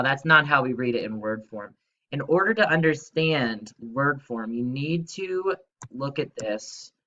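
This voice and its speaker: A man's voice: mid-range voice, pushed and bright, lo-fi sound. A male teacher giving a recorded math lesson, upbeat and coaxing, asking students to repeat after him.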